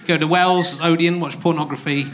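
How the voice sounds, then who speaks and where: A man's voice: a little high, steady tone, moderate pace. A man hosting a live comedy podcast on a theatre stage, trading wry, sardonic jokes. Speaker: podcast host. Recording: live theatre with audience noise.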